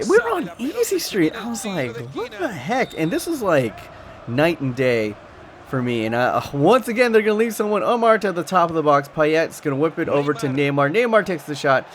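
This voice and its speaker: A man giving casual, excitable commentary on his own gameplay, swinging between low mutters and high yelps. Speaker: gaming video host. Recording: background music under the voice.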